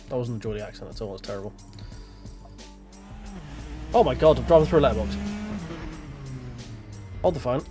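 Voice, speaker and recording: A man's voice: medium pitch, expressive, normal speed, long pauses, mellow, soft background music. A man chatting loosely to his stream while driving a racing sim, thinking aloud and swearing casually. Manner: rambling, self-talking, casual swearing. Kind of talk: live gameplay commentary.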